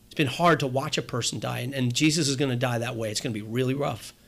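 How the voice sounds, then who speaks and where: A man's voice: mid-range voice, fairly even intonation, quick pace, gravelly, fairly bright tone. A man preaching a sermon as pastor, talking in a conversational way, repeating phrases and acting out little asides.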